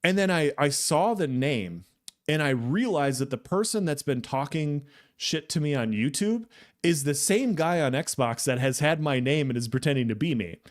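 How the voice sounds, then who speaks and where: A man co-hosting a gaming podcast, telling a long story in a casual, animated way with lots of fillers and restarts. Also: on the high side, normal speed. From Texas. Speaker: podcast co-host.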